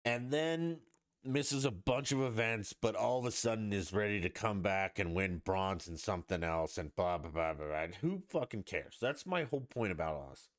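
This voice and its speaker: A man's voice: on the low side, lively intonation, moderate pace, no echo. Guy ranting on his podcast, swears a lot, mocking tone, voice jumps all over, dry mic. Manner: blunt, profane, mocking. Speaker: podcast host. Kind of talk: casual ranting monologue.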